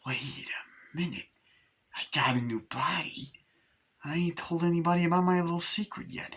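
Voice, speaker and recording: A man putting on the voice of a foul-mouthed, menacing male killer doll, gruff and sneering, slipping into hoarse whispers. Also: high voice, completely flat delivery, fast talker, voice pushed up, natural voice. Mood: scheming whisper.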